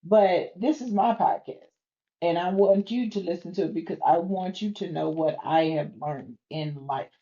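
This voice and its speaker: A woman's voice: normal speed, lo-fi sound. A middle-aged woman hosting her own podcast, talking openly and earnestly, her voice strained by lung disease and sometimes dropping near a whisper. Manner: expressive, open and earnest, pitch swinging high and low. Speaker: podcast host. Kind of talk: personal podcast monologue.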